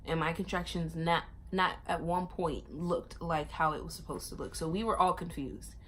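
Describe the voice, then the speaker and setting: A young woman vlogger telling a long personal story in a casual, animated way, acting out other people's lines in a raised voice. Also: lowish voice, moderate pace, slight background noise. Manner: animated, acts out the nurses' and her own lines in raised voices, laughs often.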